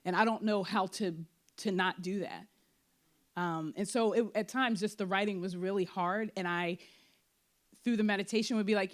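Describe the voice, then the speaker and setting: Animated woman in a talkback. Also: mid-range voice, moderate pace. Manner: animated, frequent fillers, acts out quoted thoughts. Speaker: playwright and performer in a post-show talkback. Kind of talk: candid conversational talkback. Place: theater before an audience.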